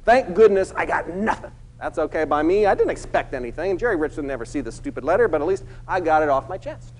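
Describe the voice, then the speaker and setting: A middle-aged man tells a story from the stage as a keynote speaker. His voice sits a little high for a man, and he acts out each person he quotes with lively energy. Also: fast, a little hiss or hum, rough recording.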